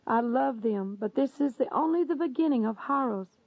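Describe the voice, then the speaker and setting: A woman's voice: high voice, animated, moderate pace, creaky, no room sound. A woman reading a religious testimony aloud in an earnest, solemn, dramatic way. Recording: dull lo-fi dry recording.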